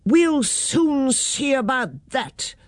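A haughty, stern lady from a children's storybook, voiced by a woman reader. She speaks slowly and coldly, breathy but clipped, in a dry close sound. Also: sits high, big pitch swings, no room sound, voice pushed up, exaggerated voice. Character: stern grown woman, new house owner.

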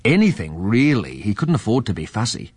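A man reading a children's story aloud in a lively, expressive way. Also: lowish voice, a little fast, slightly rough, dry recording.

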